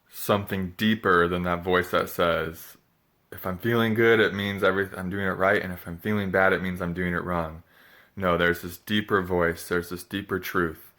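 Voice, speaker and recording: A man speaking in a confessional vlog, feeling sick and drained, with a halting, soft, searching delivery. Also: low-pitched. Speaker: spiritual vlogger.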